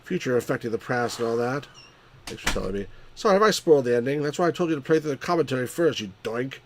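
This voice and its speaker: A man's voice: mid-range voice, animated, fast talker, slight background noise. A man hosting a game stream, chatting casually and reading out game dialogue in put-on voices. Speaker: let's play host. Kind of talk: casual chat, reading game lines aloud.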